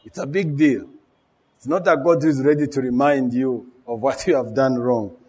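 A man's voice: mid-range voice, moderate pace, a little mellow, husky. A man preaching a sermon, emphatic, with rhetorical questions and repeated key words.

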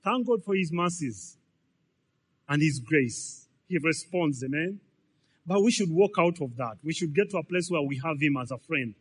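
A man's voice: fairly high pitch, lively intonation, moderate pace, husky. A man, preaching a sermon in a conversational way, full of repetitions and rhetorical questions. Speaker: pastor.

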